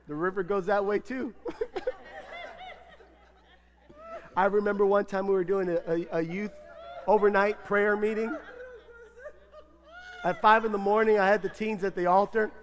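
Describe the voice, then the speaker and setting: A man preaching as pastor in a church, playful and laughing, acting out people's excuses in a lively sermon. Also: high voice, measured pace, long pauses, a faint crowd. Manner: playful, acts out congregants' excuses, frequent laughter. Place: church sanctuary.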